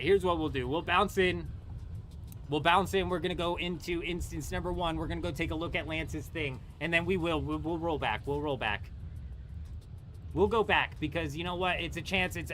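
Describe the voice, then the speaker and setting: A young man livestreaming a game, ranting in a bright, forceful voice pitched a little high. He swears constantly and vents his frustration at the gameplay. A faint hiss of background noise sits under his voice. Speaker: gaming streamer. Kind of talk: live gameplay commentary.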